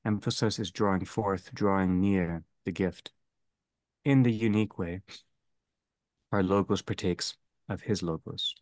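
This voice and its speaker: A man leading a theology seminar, speaking slowly and deliberately and restating each phrase. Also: low-pitched, steady tone, a little mellow, dry recording. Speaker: seminar leader. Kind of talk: theology lecture.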